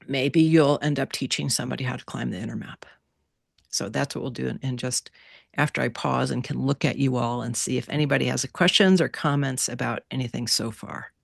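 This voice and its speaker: A woman teaching an online workshop class over a video call, in an animated, playful way that repeats key words. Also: extremely low pitch, gravelly, no room sound, studio quality.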